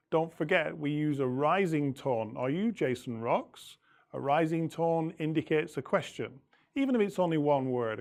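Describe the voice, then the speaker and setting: A man teacher going over the answers of an English lesson, reading example sentences slowly and deliberately and marking rising and falling tones. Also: a little high, darkish tone.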